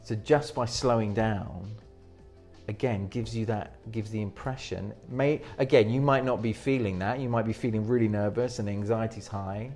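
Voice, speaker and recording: Male presentation coach, low-pitched, energetic, restarts sentences mid-thought, faint music underneath. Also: normal speed. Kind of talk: interview advice.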